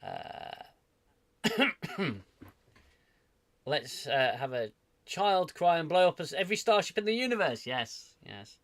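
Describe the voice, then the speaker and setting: A man's voice: a little high, sing-song, slow pace, pauses often, a bit bright. A man hosting a casual livestream chat, rambling and self-deprecating, apologizing often as he reads viewer comments. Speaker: livestream host.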